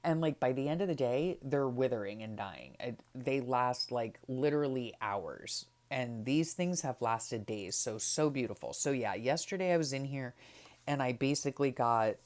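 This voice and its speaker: Middle-aged woman, very deep speaking voice, relaxed rambling craft vlogger. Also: moderate pace. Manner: chatty, rambling, trails off softly. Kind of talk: casual craft journal flip-through chat.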